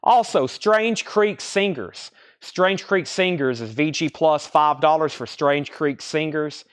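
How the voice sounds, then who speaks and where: A young man hosting a live record sale, rambling casually between quick price call-outs. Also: fairly high pitch, smooth. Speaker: record store host running a live sale. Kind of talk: casual livestream sales patter.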